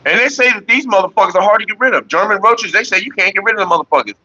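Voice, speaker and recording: Man, livestream host, husky bright voice, profane animated storytelling, lo-fi home stream audio. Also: high-pitched, racing. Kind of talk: casual profane storytelling to viewers.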